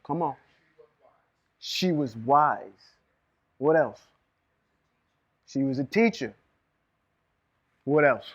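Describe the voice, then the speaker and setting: A man teaching Hebrew reading and scripture to a live group, lively and quizzing the room with questions. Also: mid-range voice. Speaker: Bible teacher. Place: room with a small live audience.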